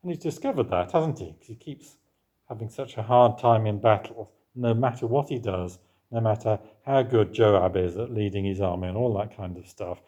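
A man's voice: on the low side, normal speed, warm tone, lo-fi sound. A man preaching a sermon in a conversational way, asking the congregation questions and answering them himself.

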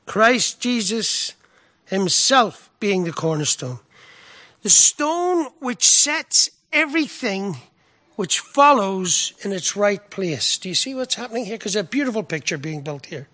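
A middle-aged male preacher with a high voice delivers a sermon. His tone is bright and forceful. He talks earnestly, repeats words and often checks with the listeners. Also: big pitch swings, a little slow.

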